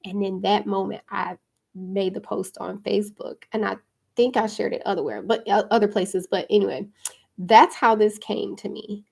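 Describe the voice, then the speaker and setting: A woman's voice: medium pitch, fairly even intonation, normal speed, gravelly, darkish tone, slightly rough. A woman hosting a podcast, talking casually and chattily about spirituality and card readings, with frequent fillers. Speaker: podcast host and card reader.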